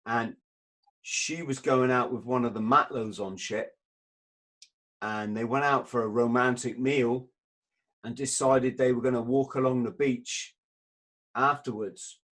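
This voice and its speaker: Brief: male podcast host, mid-pitched, blunt and emphatic, swears freely, trips over his words. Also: fairly even intonation, measured pace, pauses often, a bit bright. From Britain. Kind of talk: candid storytelling in conversation.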